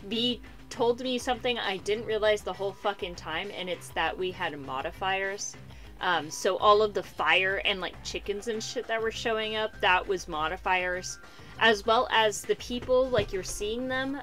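A woman giving excitable, self-deprecating gameplay commentary and voice-over narration, swearing now and then. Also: mid-range voice. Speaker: gaming YouTuber.

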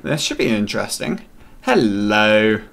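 A man's voice: mid-range voice, lively intonation, moderate pace, fairly bright tone, a little hiss or hum. Man chatting through a game. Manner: chatty, playful, talks to game characters. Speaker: gaming channel host. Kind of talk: casual gameplay commentary.

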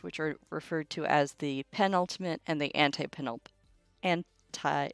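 A woman's voice: lowish voice, clear, resonant tone, dry recording. A young woman teaching a casual livestream Latin lesson, chatty and informal, with asides to her chat. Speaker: Latin tutor streaming a live lesson.

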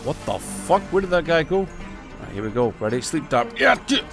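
Over the game's music, a let's play host commentates excitedly, cursing and humming along. His voice sits in the mid range, and he talks at a moderate pace.

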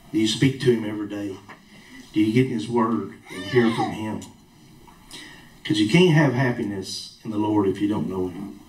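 A man's voice: on the low side, a little mellow. A man preaching a sermon in a church hall, telling a personal story in a folksy, plain-spoken way. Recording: roomy echo from a distant mic.

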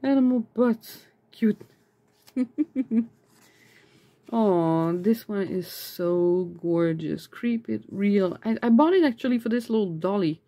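A woman chatting casually as she unboxes sticker mail, excitable and chatty, breaking into high squeals over cute things. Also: slow pace. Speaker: vlogger.

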